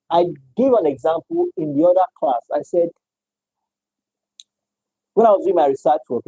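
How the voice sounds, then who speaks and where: A man's voice: on the high side, dark tone, slightly rough, no echo, poor audio. A man teaching a live-streamed economics lecture, repeating points and checking in with listeners. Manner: repetitive, checks in with "all right?".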